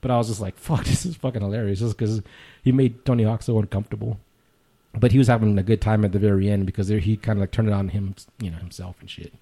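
Podcast co-host, male, low mellow voice, loose profane storyteller. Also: fairly even intonation, fast. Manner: profane, rambling storyteller who laughs often. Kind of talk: casual chat.

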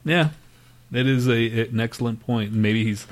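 A man's voice: medium pitch, unhurried. A man hosting a podcast in casual chat, crude and joking, swearing often and laughing a lot. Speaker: podcast host.

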